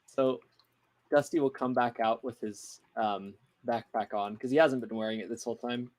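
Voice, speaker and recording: A man's voice: medium pitch, fairly even intonation, normal speed, a little mellow. A man describing his character's actions in a tabletop game, loose and hesitant with many fillers. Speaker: player.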